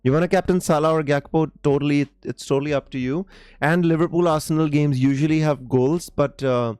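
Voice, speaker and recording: A man's voice: on the high side, fairly even intonation, fairly quick, darkish tone, smooth, no echo, soft background music. A man hosting a live stream, casually answering viewer questions with many fillers and restarts and calling people mate. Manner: reads viewer comments aloud.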